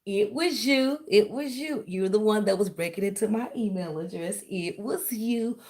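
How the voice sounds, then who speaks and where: A woman's voice: mid-range voice, normal speed, few pauses, darkish tone. A woman, ranting on her vlog and sarcastically accusing someone of spying on her. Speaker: vlogger. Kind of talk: confrontational callout rant.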